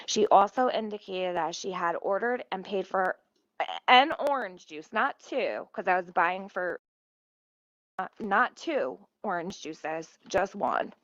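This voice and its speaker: A woman vlogger with a medium-pitched voice tells a story as a casual, profane rant, swearing often. She's recorded at home in her kitchen, and the sound is muffled and dry with no room sound.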